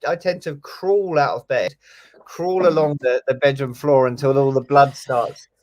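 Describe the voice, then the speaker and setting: A man's voice: mid-range voice, unhurried, a little mellow. Easygoing man, chatting on a call. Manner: easygoing, hesitant, lots of fillers. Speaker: co-host, police officer. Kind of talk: casual chat.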